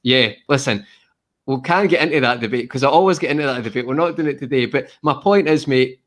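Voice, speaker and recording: A man hosting a casual football podcast, animated and emphatic, calling everyone mate. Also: mid-range voice, quick pace. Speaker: podcast host.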